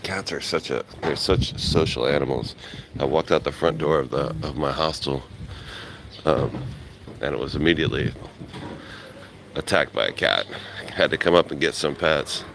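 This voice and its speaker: A man vlogging live outdoors in the early morning, rambling casually and greeting viewers, his voice rough from just waking up. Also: very deep voice, moderate pace, long pauses, a bit bright, a little hiss or hum. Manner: rambling, laid-back, greets chat viewers by name. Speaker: travel vlogger. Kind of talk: casual live-stream chat. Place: outdoors in a quiet beach town in the early morning. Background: faint outdoor ambience.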